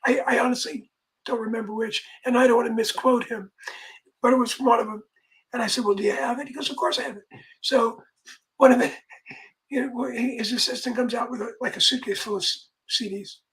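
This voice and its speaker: A man's voice: extremely high pitch, steady tone, fairly quick, a bit bright, poor audio. A man, a music manager, telling a long casual anecdote in a rambling way, full of restarts and quoted dialogue.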